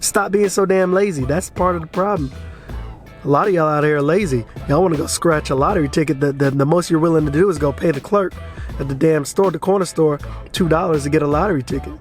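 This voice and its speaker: A man with a fairly high voice rants to his viewers in a blunt, frustrated way. He swears freely and hammers the same points again and again in a casual vlog. Faint music plays behind him. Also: quick pace. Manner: frustrated, blunt and profane, with repeated urging. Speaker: crypto vlogger. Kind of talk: casual rant to camera.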